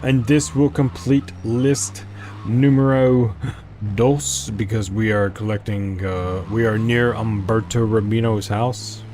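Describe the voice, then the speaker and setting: This man speaks slowly in a fairly low, mellow voice with little pitch movement, and there's slight background noise. He's playing a video game and commenting casually, rambling on and asking himself questions in a chatty let's-play way.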